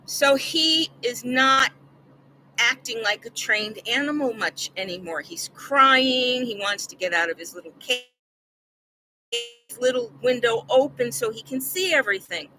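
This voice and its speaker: A woman's voice: on the high side, a little slow, bright, forceful tone, low-quality recording. An older woman vlogging, telling a personal story in an earnest, rambling way that repeats words when she gets upset.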